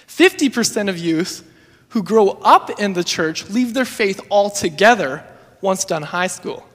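An energetic young man preaches from the pulpit, his voice pitched high for a man and full of upbeat enthusiasm. A long reverb from the church hall trails after his words. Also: measured pace. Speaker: youth pastor. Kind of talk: sermon. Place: church sanctuary.

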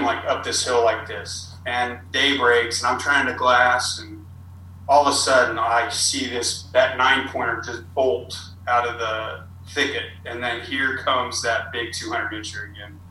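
A man's voice: medium pitch, a little hiss or hum. Distant, roomy storytelling man. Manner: animated, rambling storyteller. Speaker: podcast guest. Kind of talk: casual storytelling. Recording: roomy, distant with faint ambience.

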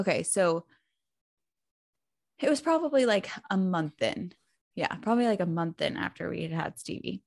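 A woman in her thirties co-hosting a podcast, telling family stories in relaxed casual chat. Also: fairly low pitch, gravelly, no echo, clean studio sound. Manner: relaxed storytelling with fillers and laughs. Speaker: podcast co-host.

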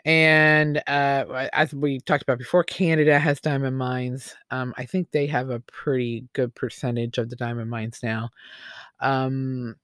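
Man, podcast host, rambling, opinionated, mid pitch, close dry mic. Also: level tone, measured pace, a bit bright, clear, resonant tone, no room sound. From United States. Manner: rambling, opinionated, with many fillers and restarts. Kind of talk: casual opinion monologue.

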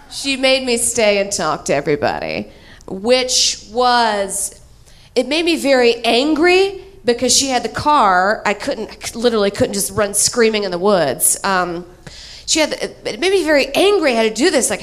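Animated, crude woman telling a stand-up story. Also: fairly high pitch, measured pace. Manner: animated, crude and self-mocking, laughing at her own story. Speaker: comedian.

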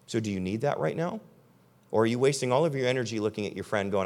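A young pastor with a medium-pitched, animated voice preaches at a quick pace to a live audience gathered in a church hall. His sermon is direct, emphatic and conversational.

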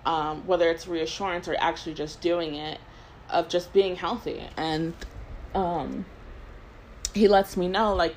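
A woman in her twenties tells a story on her own podcast in a loose, rambling way, filling every gap with "like" and breaking into laughs between thoughts. Her voice sits a little on the low side, and a faint hiss runs under the recording. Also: fairly even intonation, a little slow, a little mellow, rough recording. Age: 20s. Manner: rambling storyteller, heavy use of "like". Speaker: podcast host. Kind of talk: casual chat.

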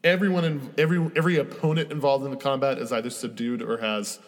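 A man's voice: mid-range voice, steady tone, quick pace, big-room sound. A man running a tabletop game as game master, narrating casually with lots of fillers.

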